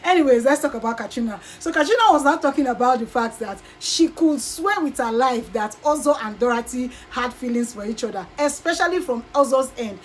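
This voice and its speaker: A woman's voice: fairly high pitch, expressive, brisk, hardly any pauses, a little hiss or hum, rough recording. A Nigerian woman vlogger chatting animatedly as she recaps a show, acting out quotes as she goes. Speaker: YouTube vlogger. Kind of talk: casual gossip recap.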